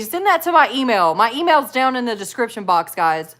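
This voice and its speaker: A woman's voice: a little high, sing-song, a little fast, a bit bright. A woman hosting a casual live stream, reading chat comments aloud and talking with viewers. She chats loosely, laughs often and fills her talk with "like". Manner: chatty, laughs often, many "like" fillers. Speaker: livestream host reading chat.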